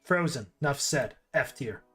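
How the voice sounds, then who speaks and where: A man's voice: medium pitch, expressive, moderate pace, a bit bright, breathy edge, faint music behind. A man streaming casual commentary while ranking movies, rambling with restarts and asides.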